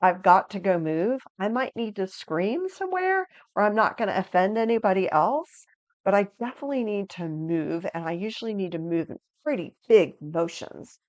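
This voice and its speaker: Woman teaching a lesson on feelings, upbeat and inviting, mid pitch, dry slightly muffled sound. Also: expressive, normal speed, no echo. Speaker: resilience educator. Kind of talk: video lesson on emotions.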